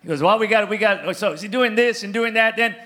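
Male pastor, high and bright, playful storyteller who works the crowd. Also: fast talker. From California, US. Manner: animated, playful, calls out to congregation. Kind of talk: sermon with comic storytelling.

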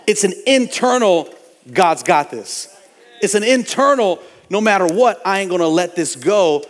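A man's voice: high-pitched, animated, normal speed, in a large hall, some chatter behind. A male pastor delivering a sermon in church, preaching emphatically with repetition and calls to the congregation. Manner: emphatic preaching with repetition and audience call-outs. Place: church sanctuary.

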